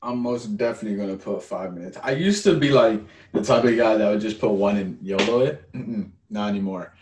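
A young man co-hosting a casual podcast, animated and quick to laugh, often stumbling over his words. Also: lowish voice, distant mic, a little hiss or hum. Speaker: podcast co-host. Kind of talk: casual chat. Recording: echoey room.

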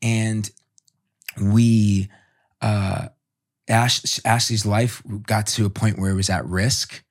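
A man guest on a podcast, telling a personal story in a heartfelt, halting way with many restarts. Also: on the low side, flat delivery.

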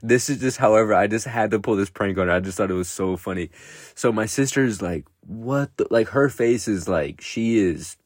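A man's voice: fairly low pitch, a little fast, no echo, studio quality. A young man hosting his own podcast, telling a story in a loose, rambling way, laughing often and swearing freely. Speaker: podcast host. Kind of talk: casual solo podcast chat.

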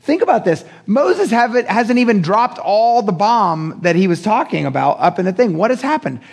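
A young man delivers a midweek sermon in a relaxed, conversational register full of slang. His voice sits a little high and carries a gravelly edge. He keeps breaking into animated acted-out lines from the people he describes. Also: moderate pace. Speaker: pastor.

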